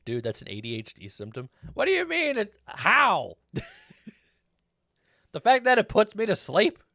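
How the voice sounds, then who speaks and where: A male streamer chatting casually with viewers while he plays, rambling and laughing often. His voice sits fairly high and swings widely in pitch. He is close to a desk mic in a dry-sounding space. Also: huge pitch swings, unhurried, long pauses, sharp tone, dry recording. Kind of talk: casual gameplay chat.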